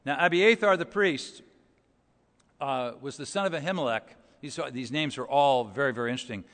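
A man's voice: medium pitch, normal speed, a bit bright, long reverb tail. A man preaching a sermon, explaining scripture verse by verse in a conversational way with rhetorical questions.

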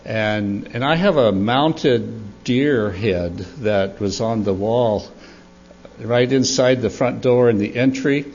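An older man giving a storytelling sermon for children at church, animated and chuckling as he tells it. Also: lowish voice, slow, husky, highs cut off. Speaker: church speaker.

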